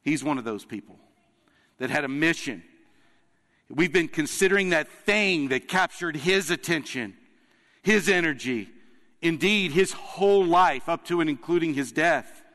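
A man preaching from the pulpit, his slightly raised voice carrying through a big sanctuary with a long reverb tail. He speaks earnestly, leaning on pauses to drive each point home. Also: a little high, pushed and bright. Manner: earnest storytelling with emphatic pauses. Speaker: pastor. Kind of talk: sermon. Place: church sanctuary. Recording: long reverb of a large hall.

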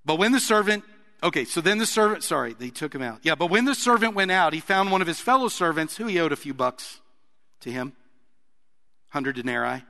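A man preaching in a large church hall, his high voice ringing out with a long reverb. He sounds bright and forceful, talking in a conversational way and asking his listeners questions. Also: expressive, fairly quick. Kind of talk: sermon.

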